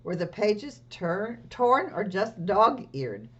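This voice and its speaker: A fussy, fretting librarian, as a woman puts her on, higher and louder than the reader's own voice. It sounds anxious and proper, on a muffled lo-fi recording. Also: sing-song, takes it slowly, heavily acted. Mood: worried.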